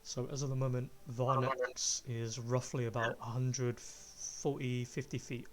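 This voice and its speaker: A man running a tabletop game as game master, describing the scene at an unhurried pace. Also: mid-range voice, level tone, a little hiss or hum.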